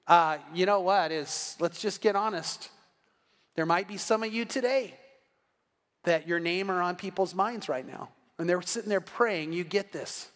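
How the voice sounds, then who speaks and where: A male pastor preaching in a lively, conversational way, slipping into quick acted-out quotes. His voice sits high for a man, and it carries a long reverb that rings through a church hall. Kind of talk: sermon.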